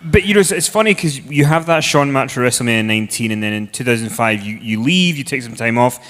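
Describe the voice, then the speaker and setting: A man's voice: medium pitch, lively intonation, fast, fairly bright tone, in a large hall. A man interviewing a guest, asking loosely phrased questions with hesitations.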